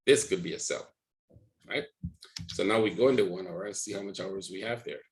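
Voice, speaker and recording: A man with a somewhat low voice leads a live trading session, talking viewers through his charts. He rambles a little as he thinks aloud. He keeps checking in with his audience as he goes. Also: fairly quick, rough recording. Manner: rambling, talks to viewers with frequent "right?". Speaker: trading educator.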